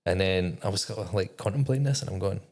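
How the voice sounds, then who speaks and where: A man's voice: sits low, fast, darkish tone. A man, a podcast guest telling a candid story, swearing constantly and acting out his own thoughts. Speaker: podcast guest, former navy technician.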